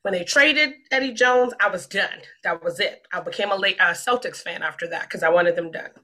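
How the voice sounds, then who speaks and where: Woman from the D.C. area, casual podcast storytelling, animated, rambling, bright forceful voice. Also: on the low side, fairly quick. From Washington, D.C. area. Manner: animated, rambling, frequent restarts.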